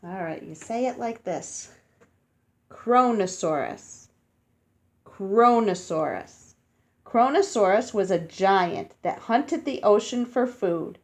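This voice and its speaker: A woman's voice: medium pitch, lively intonation, slow. A woman reading a picture book aloud to children, stopping to explain words, sound out hard names and ask them questions.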